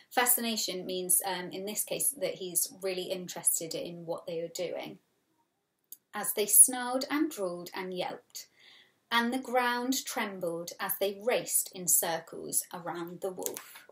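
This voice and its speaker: A woman's voice: lowish voice, measured pace. A woman, a primary school teacher giving a recorded storybook reading lesson, reading expressively and patiently explaining words. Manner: expressive read-aloud with patient vocabulary explanations.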